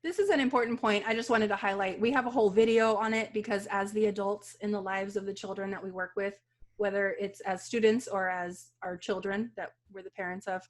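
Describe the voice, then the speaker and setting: A woman's voice: medium pitch, fairly even intonation, fairly quick. A woman who works as a mental health clinician, co-presenting a training in an earnest, conversational way.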